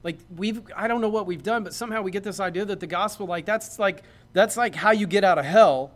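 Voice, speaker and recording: A man's voice: high-pitched, fairly quick, fairly bright tone. A man, a pastor, preaching a sermon in a conversational, joking way that builds to emphatic points.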